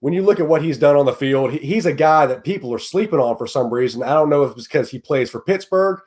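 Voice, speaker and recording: A man's voice: a little high, lively intonation, quick pace, darkish tone. A man appearing as a guest on a casual podcast, talking earnestly and often repeating words as he works out his point. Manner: earnest, repeats words while thinking aloud.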